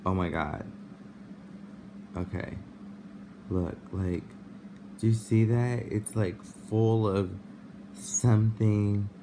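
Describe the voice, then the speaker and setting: A man's voice: fairly low pitch, slow, pauses often. A man vlogging to camera in a dramatic, panicky, flamboyant way. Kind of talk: casual vlog talk to camera. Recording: noisy recording with steady background noise.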